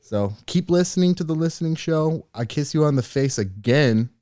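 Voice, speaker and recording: Excitable male podcast co-host. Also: on the high side, normal speed, dry recording, studio quality. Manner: playful, excitable shout-outs to listeners. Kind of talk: casual chat. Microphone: studio microphone on camera.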